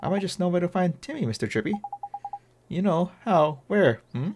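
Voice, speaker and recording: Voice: mid-range voice, sing-song, rapid-fire, noisy background, natural voice. A player doing a brash cheeky fairy sidekick. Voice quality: loud, blunt, slangy.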